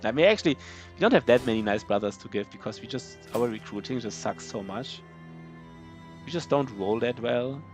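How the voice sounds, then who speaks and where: A man talking his way through a live game stream in a loose, rambling voice of ordinary pitch, full of fillers and restarts as he answers chat. Faint music plays underneath him. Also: lively intonation, normal speed. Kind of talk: casual live-stream chat while gaming.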